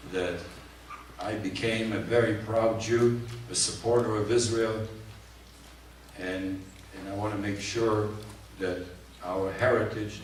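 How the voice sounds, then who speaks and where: Older man, low-pitched, earnest halting storyteller, recorded far off with faint noise. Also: very echoey. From Poland. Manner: halting, repeats words, earnest. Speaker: Holocaust survivor speaker. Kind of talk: personal testimony to students. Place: large hall at a community event.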